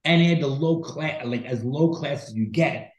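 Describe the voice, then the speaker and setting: A man's voice: mid-range voice, normal speed, echoey room, rough recording. A man co-hosting a podcast, telling a long story in a rambling, profane, casual way. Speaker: podcast co-host. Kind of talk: casual chat.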